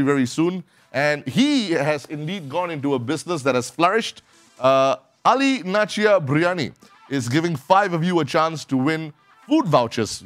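A man with a Singaporean accent hosting a live web talk show, upbeat and salesy as he urges viewers to share. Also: a little high.

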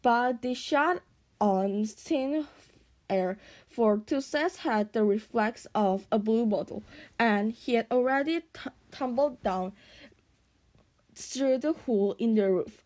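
A woman reading a children's storybook aloud, unhurried, often stumbling on a word and starting it again. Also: fairly high pitch, a little mellow. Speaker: audiobook reader.

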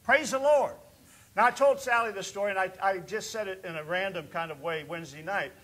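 A man preaches in a church sanctuary with a high, bright voice. He swells into loud exhortation, then drops low and soft to tell a story. It is the sound of a pastor delivering a sermon. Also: a little fast. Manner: preaches with rising bursts and quiet storytelling dips.

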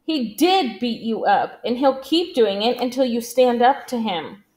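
A woman's voice: a little high, animated, darkish tone. A woman playing a tough, scolding big sister. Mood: firm scolding. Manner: firm, deliberate, scolding. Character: tough protective older sister, a girl.

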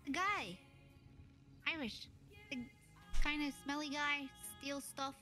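A woman's voice: high-pitched, slow pace, music in the background. A woman roleplaying in a game, dramatic and easily alarmed. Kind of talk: in-character roleplay chat.

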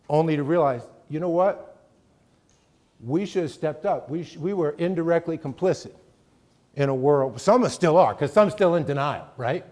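Middle-aged male guest lecturer, slightly high voice, emphatic and chatty, keeps asking "right?". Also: normal speed, a little mellow. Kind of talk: conversational college lecture.

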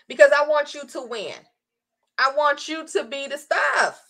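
A woman selling her online design course in casual live-stream chat, animated and chatty, often calling her viewers y'all. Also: sits high, moderate pace.

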